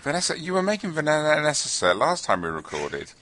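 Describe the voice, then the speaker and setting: A man's voice: on the high side, wildly swooping pitch, brisk, pushed and bright. A man co-hosting a hobby podcast, bantering and teasing with frequent laughs. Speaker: podcast co-host. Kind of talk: casual banter.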